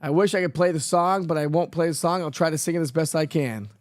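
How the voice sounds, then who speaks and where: A man's voice: a little high, fast, no echo, clean studio sound, faint music behind. Chatty, playful man forecaster. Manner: chatty, playful, self-joking, laughs often. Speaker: weather forecaster host. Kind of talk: casual live weather chat.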